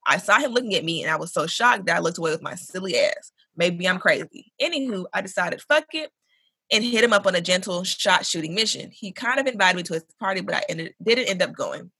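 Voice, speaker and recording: A woman co-hosting a casual podcast, reading a listener's email aloud in an animated, profane way with African American English. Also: fairly low pitch, brisk, husky, dry recording. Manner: animated, profane, laughs often. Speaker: podcast co-host.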